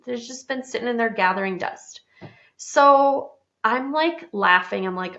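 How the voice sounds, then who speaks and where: A woman hosts a podcast, spinning a personal story in a frank, chatty, self-mocking way. Her mid-pitched voice has a gravelly fry to it. The recording sounds a little dull and lo-fi. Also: lively intonation, unhurried, fairly bright tone. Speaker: podcast host. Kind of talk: casual storytelling monologue.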